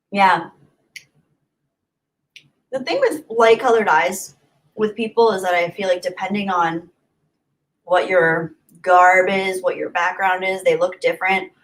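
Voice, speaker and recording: A woman's voice: fairly low pitch, a little slow, pauses often. A woman hosting a YouTube livestream, chatting casually and reading out viewer comments before answering them.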